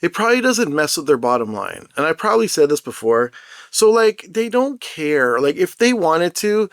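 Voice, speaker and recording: A young man ranting in an unscripted vlog, telling his story in a rambling, animated and profane way. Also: on the high side, no room sound, clean studio sound. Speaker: mobile game content creator.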